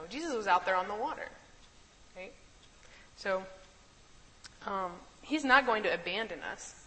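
Brief: friendly woman Bible teacher, chatty and amused, bright tone in a reverberant room. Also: medium pitch, a little hiss or hum. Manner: chatty, laughs easily, keeps asking "right?".

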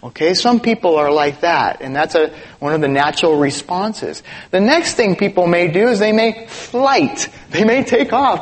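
A middle-aged man from East Los Angeles preaches to his congregation in a fairly high voice. His pitch rises and falls with lively animation, and he keeps things conversational with rhetorical questions. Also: moderate pace, hardly any pauses. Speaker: pastor. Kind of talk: sermon.

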